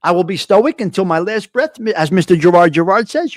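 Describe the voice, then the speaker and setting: A man's voice: high-pitched, very animated, a little slow, pauses often, no echo, studio quality. A middle-aged man hosting a live coffee-talk show, talking bluntly in a profane, ranting monologue. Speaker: host.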